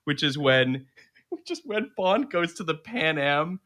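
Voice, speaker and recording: A man's voice: fairly high pitch, very animated, unhurried, pushed and bright. A man co-hosting a casual film podcast, laughing often and reading out a synopsis. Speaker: podcast co-host.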